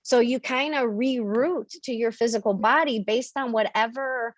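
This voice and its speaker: A woman's voice: a little high, moderate pace, no echo. A woman hosting a spiritual members' call on video, explaining earnestly and acting out examples.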